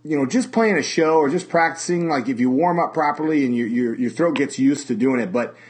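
A man's voice: on the high side, brisk. A man who hosts a podcast and sings metal, talking casually in a rambling, profane way with many fillers and restarts. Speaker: podcast host and metal vocalist. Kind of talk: casual conversation. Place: lives in Las Vegas.

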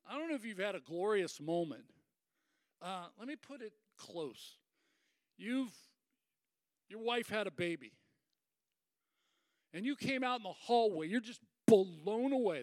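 A middle-aged man preaching a sermon, animated and conversational, acting out quoted people with sudden leaps up in pitch. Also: no echo, clean studio sound. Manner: animated, acts out quoted voices with sudden high pitch jumps. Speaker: pastor.

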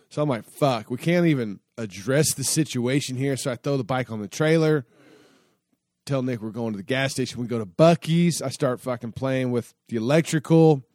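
A man's voice: medium pitch, darkish tone, dry recording, clean studio sound. A man telling a long casual story in a rambling, profane way, full of fillers and restarts. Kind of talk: casual spoken anecdote.

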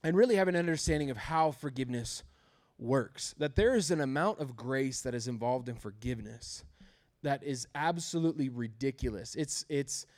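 A man's voice: medium pitch, darkish tone. A male pastor preaching a sermon, telling humorous, self-deprecating stories about his marriage and laughing often.

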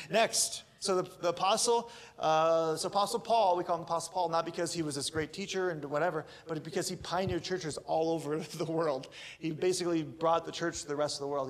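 A man, preaching a sermon in a casual, joking, animated way. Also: fairly high pitch, a little fast, creaky. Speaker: pastor.

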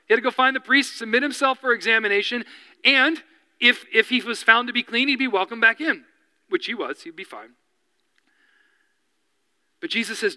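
High-voiced male preacher in a reverberant hall. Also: expressive, moderate pace, pauses often, bright, forceful tone. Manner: earnest, building to impassioned appeals. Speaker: pastor. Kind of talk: sermon.

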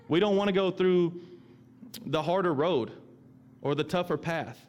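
A middle-aged man delivering a sermon in a loose, conversational manner. He sits a little higher in pitch than most men, repeats phrases as he thinks aloud, and briefly acts out the voices of the people he quotes. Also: moderate pace. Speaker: pastor.

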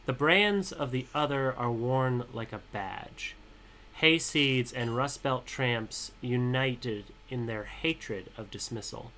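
Bright-voiced man reading a poem. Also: medium pitch, slight background noise. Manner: dry, teasing, measured when reading. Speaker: podcast co-host and poet. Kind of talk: casual chat and poetry reading.

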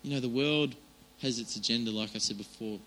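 A man's voice: mid-range voice, fairly quick, fairly bright tone, slight background noise, rough recording. A man giving an informal, chatty sermon, with many fillers and restarts. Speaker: preacher.

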